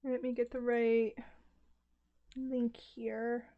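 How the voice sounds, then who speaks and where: A woman's voice: a little high, flat delivery, very slow, dull audio. A woman running a tabletop game on stream, chatting in a giggly, easygoing way. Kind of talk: casual chat setting up a tabletop game.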